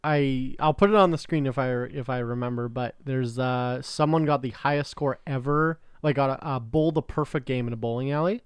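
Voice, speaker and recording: Young canadian dude cohosting a podcast, smooth voice, laughs and swears a lot. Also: male voice, medium pitch, normal speed, few pauses, no echo. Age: young adult. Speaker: podcast co-host. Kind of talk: casual chat.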